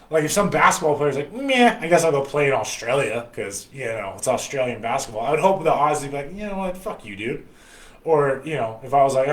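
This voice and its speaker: A man's voice: mid-range voice, echoey room, poor audio. An American man hosting a podcast, giving a blunt, profane, rambling opinion monologue. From United States. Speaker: podcast host.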